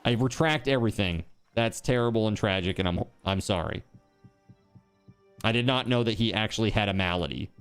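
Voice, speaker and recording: A man's voice: fairly low pitch, fairly quick, clear, resonant tone, soft background music. A man streaming live, chatting casually, rambling and joking, with swearing.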